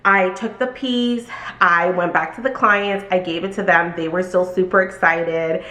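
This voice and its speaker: Woman doing a storytime, animated, jumps into squeaky voices for quotes, echoey room. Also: a little slow. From Brooklyn, New York. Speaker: vlogger telling a storytime. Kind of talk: casual storytime chat.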